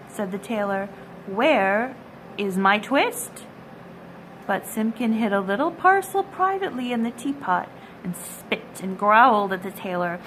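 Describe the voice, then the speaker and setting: Lady reading a kids story out loud, kinda high voice, gentle and expressive. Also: slight background noise, rough recording. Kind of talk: children's storybook read-aloud.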